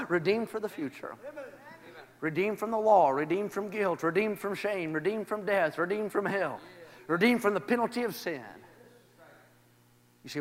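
High bright-voiced preacher in a reverberant hall. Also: male voice, expressive, moderate pace. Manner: builds from quiet testimony to shouted, rhythmic praise. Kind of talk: sermon. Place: church. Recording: long reverb of a large hall. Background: congregation responding.

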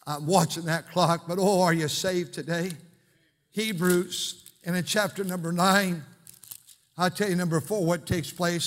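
Older male pastor preaching, high, ringing voice, goes from shouts to hushes, long echo of a church hall. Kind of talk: sermon. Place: church sanctuary.

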